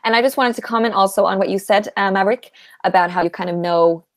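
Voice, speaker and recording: A woman writer on a live workshop panel, speaking earnestly and thoughtfully with small pauses. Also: medium pitch, dry recording. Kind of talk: casual live video chat.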